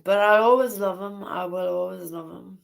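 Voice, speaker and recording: A woman hosting a casual livestream chat, speaking haltingly and repeating herself. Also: medium pitch, steady tone, creaky. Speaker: livestream host.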